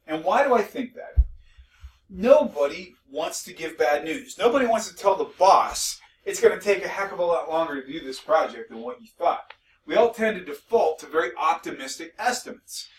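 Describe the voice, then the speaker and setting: A man's voice: on the high side, lively intonation, normal speed, far from the mic, rough recording. A male instructor giving a recorded lecture, conversational and mildly sarcastic, with frequent restarts.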